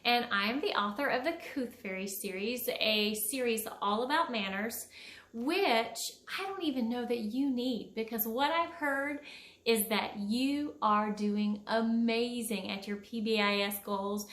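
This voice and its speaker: A woman, a children's book author, greeting schoolchildren and reading her picture book aloud with expressive, encouraging delivery. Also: fairly high pitch, measured pace. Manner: warm, encouraging, expressive storytelling. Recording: echoey room.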